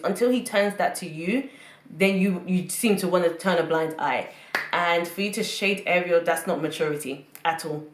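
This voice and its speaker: A woman's voice: on the low side, brisk. Opinionated woman reviewer in an echoey room. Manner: opinionated, repeats phrases for emphasis. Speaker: reality TV reviewer. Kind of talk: casual review commentary.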